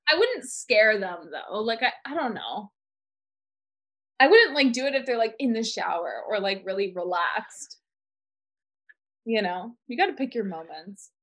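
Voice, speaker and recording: A woman's voice: mid-range voice, big pitch swings, a little slow, long pauses. A young woman co-hosting a podcast, chatting casually and rambling with lots of "like". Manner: rambling, heavy use of "like". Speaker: podcast co-host. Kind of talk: casual chat.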